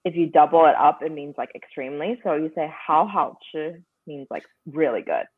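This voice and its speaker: Low-voiced young woman on a tinny line. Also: lively intonation, fairly quick, husky. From Taiwan. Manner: explains patiently, laughs often. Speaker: guest teaching culture. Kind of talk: casual podcast chat. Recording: tinny phone-like call audio.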